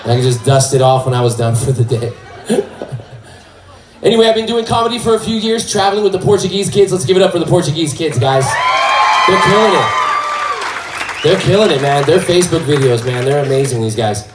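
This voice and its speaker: A man from California doing stand-up on a hall stage, loudly working the crowd and shouting punchlines. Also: on the high side, lively intonation, a little fast. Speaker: stand-up comedian. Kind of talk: stand-up comedy. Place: stage in a hall, live audience. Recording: echoey hall, mic at distance, crowd noise.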